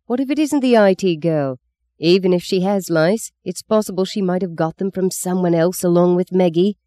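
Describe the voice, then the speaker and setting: A reader voicing a stern, weary farm mother with many children, in an audiobook, with a smooth voice. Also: medium pitch, normal speed, warm tone, no echo, natural voice. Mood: pleading.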